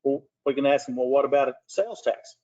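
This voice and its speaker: A man's voice: mid-range voice, fast, warm tone. A man, a city commissioner, speaking plainly in a public meeting in a city hall commission room. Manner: plainspoken, makes a formal motion. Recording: muffled lo-fi meeting recording.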